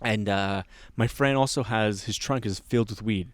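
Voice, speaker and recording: A man's voice: on the low side, moderate pace, no room sound, studio quality. A man telling a wild story in casual podcast chat, acting out the voices of the people in it. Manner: animated, acts out voices in his stories. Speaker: podcast host.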